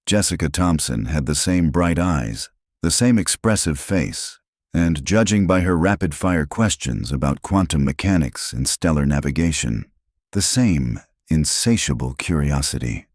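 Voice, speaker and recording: A man with an extremely deep voice reads a science fiction story in steady, even scripted narration. The sound is dry and close to the mic, with no room around it. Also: a little slow, dry recording.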